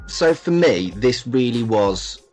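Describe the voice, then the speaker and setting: A man's voice: medium pitch, lively intonation, slow, a little mellow, soft background music. A man giving opinionated takes in a casual film chat, stumbling over his words when he pushes a point.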